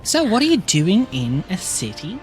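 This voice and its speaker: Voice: mid-range voice, wildly swooping pitch, moderate pace, faint music behind. A game master narrating a live tabletop game, laughing often as the story unfolds.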